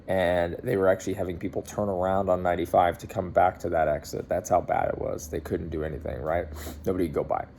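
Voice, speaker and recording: Low gravelly man telling a rambling story. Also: warm tone, slight background noise. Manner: rambling, with many fillers and restarts. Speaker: car dealer. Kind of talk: casual storytelling.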